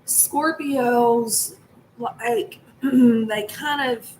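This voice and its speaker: A woman's voice: a little high, very slow, a little mellow, slight background noise, poor audio. A woman talking frankly to her viewers in a casual monologue, cursing often and using lots of fillers like "like" and "right?". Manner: frank and profane, with frequent fillers and laughs. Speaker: spiritual vlogger.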